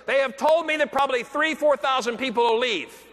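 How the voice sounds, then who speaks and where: A man with a very high, bright, forceful voice delivers a motivational keynote as a lively story, acting out the people he quotes and bursting into shouts. He is recorded in a large hall with long reverb and a faint hiss of noise. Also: brisk.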